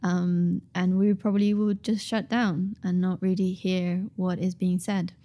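Mellow-voiced woman talking earnestly. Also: on the low side, flat delivery, measured pace. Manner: thoughtful, earnest, many ums and restarts. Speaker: author and guest. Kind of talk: casual podcast conversation.

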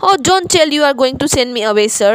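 A timid orphan boy pleads earnestly, as a woman reads his part. The voice is fairly high and dry, close to the mic, in a plain storybook telling. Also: lively intonation, fast, no echo. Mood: pleading.

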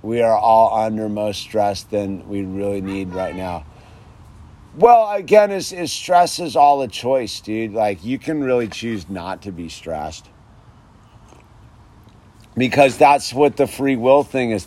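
A man's voice: lowish voice, animated, a little slow, a little mellow. Rambling man who says "dude" a lot. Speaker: vlogger speaking on sobriety and faith. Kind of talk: casual rambling monologue. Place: outdoors in a home yard.

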